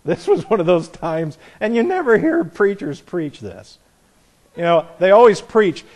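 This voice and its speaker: Working through scripture verse by verse, a high-pitched preacher takes his time yet stays animated, voicing the characters in each story and laughing softly at the points he makes.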